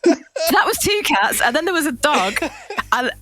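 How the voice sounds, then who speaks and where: A young woman chats on a podcast, her voice sitting a little high. She tells stories in a loose, rambling way, laughing often and restarting her sentences. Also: big pitch swings, measured pace, sharp tone. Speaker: podcast co-host. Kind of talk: casual chat.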